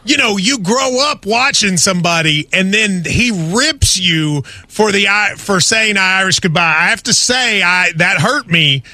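A man's voice: high voice, unhurried, few pauses. A man co-hosting a sports talk show, bantering casually and poking fun at himself. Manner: animated, self-deprecating, breaks into laughs.

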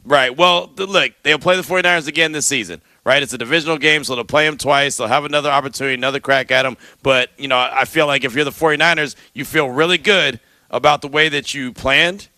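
Bright, emphatic man radio host. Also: a little high, steady tone, fast talker, no room sound. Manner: emphatic, conversational, asks rhetorical questions. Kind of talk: casual sports radio banter. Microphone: studio mic.

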